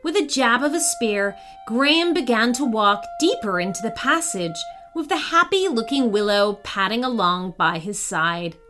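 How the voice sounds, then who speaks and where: Expressive woman reading a children's story. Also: on the high side, normal speed, few pauses. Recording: soft background music.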